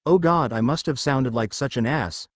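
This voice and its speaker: A man reading the lines of a hesitant, soft-spoken young woman in an audiobook. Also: mid-range voice, normal speed, no echo, studio quality, lightly acted.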